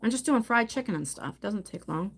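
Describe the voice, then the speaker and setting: A woman's voice: mid-range voice, lively intonation, brisk. A middle-aged woman chatting casually on a live phone stream, telling family stories with many restarts. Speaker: vlogger.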